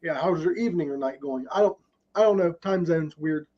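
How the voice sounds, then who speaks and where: A man hosts a casual podcast, reading out film trivia with frequent ums. His voice is a little high and fairly quick, and the recording has its highs cut off.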